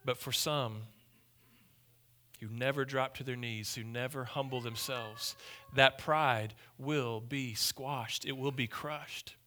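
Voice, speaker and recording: A man preaching a sermon as pastor, emphatic and repetitive, dropping to hushed lines and then rising loud. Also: mid-range voice, steady tone, slow pace.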